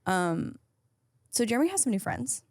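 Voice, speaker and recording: A woman co-hosting a podcast in casual, animated chat, swearing casually now and then. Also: a little high, normal speed, no echo. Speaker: podcast co-host.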